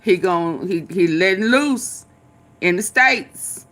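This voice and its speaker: A woman's voice: lowish voice, lively intonation, slow pace, a bit bright. A woman hosting her channel, chatting casually in a laughing, drawling way as she reacts to a clip.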